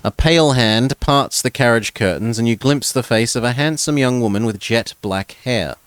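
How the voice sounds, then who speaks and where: A man's voice: mid-range voice, normal speed, smooth, no echo. A man reading a gamebook aloud in second person, stumbling over words now and then and dropping casual asides. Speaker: gamebook reader.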